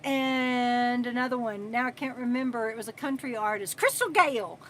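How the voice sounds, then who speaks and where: A woman in her sixties hosting a casual livestream, chatting and reading viewer comments aloud between pauses. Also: a little high, fairly bright tone, a little hiss or hum. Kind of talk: casual live chat.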